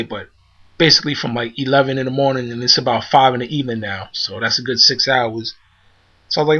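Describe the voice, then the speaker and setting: A man's voice: mid-range voice, fast talker, pushed and bright. A man casually telling a personal story, rambling with many fillers and restarts. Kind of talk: casual spoken anecdote. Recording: dull lo-fi recording.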